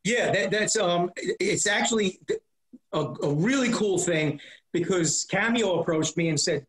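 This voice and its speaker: A man's voice: sits high, expressive, measured pace, a bit bright, rough recording. A man, a comedian known for prank calls, talking as a guest in a casual interview, rambling with lots of restarts and repeated words.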